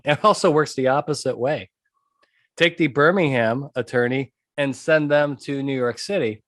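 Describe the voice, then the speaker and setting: His mid-range voice is animated and a bit bright, moving at a moderate pace in a dry, clean studio recording. Hosting his podcast as a trial consultant, he talks emphatically in monologue, circling back to key points and checking in with "okay?" again and again.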